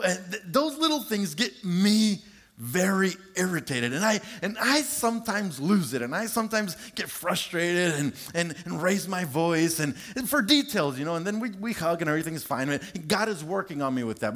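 A middle-aged male pastor preaching a sermon, animated and confessional, joking with his congregation and stretching words out for emphasis. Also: a little fast. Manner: animated and confessional, draws out words, shifts pitch sharply for emphasis; lively, joking asides to the congregation.

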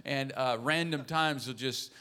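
A man in his thirties preaching a sermon as a pastor, earnest and warm with joking asides to the congregation. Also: medium pitch, measured pace, clear, resonant tone.

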